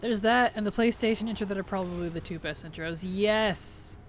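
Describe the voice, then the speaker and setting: A woman streamer chats casually on a livestream, thanking subscribers, answering chat and giggling often. She talks fairly quickly in a mid-range voice, with a little hiss or hum.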